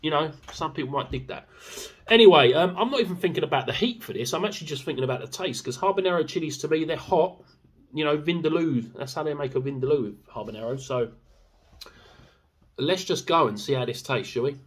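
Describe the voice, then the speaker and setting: A man's voice: fairly high pitch, lively intonation, fairly quick, breathy edge. A young man chatting casually in a sauce review vlog, rambling with fillers and swearing freely. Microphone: camera mic.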